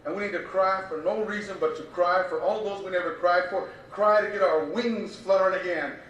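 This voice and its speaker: A man's voice: high voice, steady tone, brisk, a bit bright, recorded from a distance, lo-fi sound. A man performing a spoken-word poem with an impassioned, rhythmic, repetitive cadence. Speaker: poet. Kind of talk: spoken-word poetry recitation. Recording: very echoey room, voice from afar.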